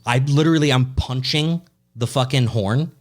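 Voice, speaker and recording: A young adult man co-hosts a casual podcast and rants through his stories with plenty of swearing. His voice sits at a middle pitch for a man. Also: normal speed. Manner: profane, ranting storyteller. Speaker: podcast co-host. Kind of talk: casual chat.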